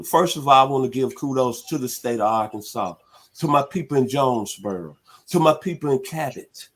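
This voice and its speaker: A man in his sixties from the Southern United States, hosting sports talk radio in a laid-back, folksy way. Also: medium pitch. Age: 60s.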